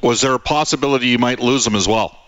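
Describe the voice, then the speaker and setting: Bright-voiced male sports radio host. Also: medium pitch, fast talker, no echo. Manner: long rambling questions with fillers. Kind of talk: radio interview.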